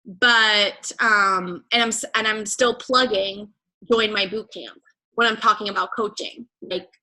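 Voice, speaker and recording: A woman's voice: mid-range voice, fairly even intonation, a little slow, bright, forceful tone, poor audio. A young woman leading a team training call as coach, chatty and blunt, swearing freely and filling her talk with "like" and "right?".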